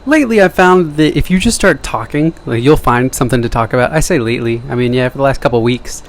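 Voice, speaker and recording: A young vlogger rambles casually to camera in a monologue, joking at his own expense and drifting into side remarks. He talks fast at a medium pitch.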